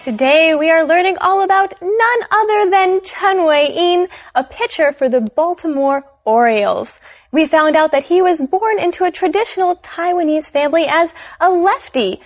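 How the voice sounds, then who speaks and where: A high-pitched woman co-hosting a scripted English lesson. She explains each word slowly and carefully, spelling out meanings for learners. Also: soft background music. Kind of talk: scripted language lesson chat.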